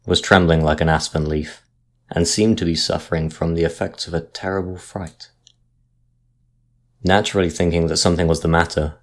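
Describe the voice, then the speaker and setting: A man reading a sea story aloud as narrator, in a measured, steady manner. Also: low voice.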